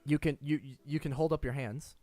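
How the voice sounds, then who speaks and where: A young man narrating as game master, lively and quick with small stumbles. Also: on the high side, no room sound.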